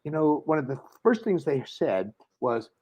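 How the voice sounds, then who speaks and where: A middle-aged man, a comedian, telling stories on a live video call show, animated and acting out quoted voices with stammering restarts. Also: fairly high pitch, moderate pace, slightly rough, muffled recording. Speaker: guest co-host comedian.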